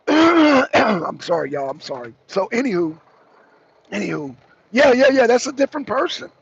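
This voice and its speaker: A hoarse man from the Southern US hosting a casual livestream, chatty, calling viewers y'all and clearing his throat often. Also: sits high, big pitch swings, a little fast. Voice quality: raspy, gravelly. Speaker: talk show host. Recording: dull lo-fi stream audio.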